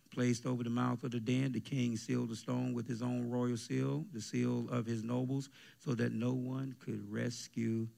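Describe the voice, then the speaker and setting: Gravelly preacher calling out to his church. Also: mid-range voice. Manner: preaching with call-and-response, bursts of shouting. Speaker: pastor. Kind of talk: sermon. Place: church sanctuary with congregation.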